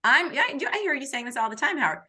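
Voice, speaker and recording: A woman in her thirties hosts a casual conversation, telling stories with animation, laughing and acting out dialogue. Her voice is high and she talks at a racing clip.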